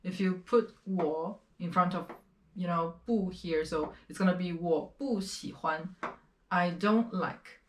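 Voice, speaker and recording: A woman teaching a language lesson, explaining words and repeating pronunciations slowly and clearly. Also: fairly low pitch, reverberant.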